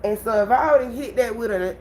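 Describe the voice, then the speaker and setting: A woman hosting a casual livestream, telling a story to her viewers in an animated way and laughing often. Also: fairly high pitch, fairly quick, a little hiss or hum, poor audio. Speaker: livestream host.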